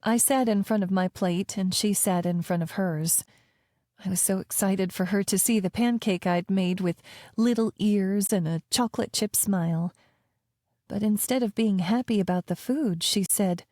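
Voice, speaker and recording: A woman narrating a first-person romance audiobook with wry, lively storytelling on a close studio mic. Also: medium pitch, measured pace, no room sound.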